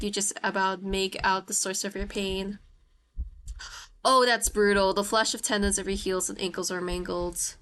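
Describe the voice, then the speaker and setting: A woman's voice: mid-range voice, fairly bright tone, clear, resonant tone. A woman streamer reading a visual novel aloud while playing, reacting with gasps and apologies between lines.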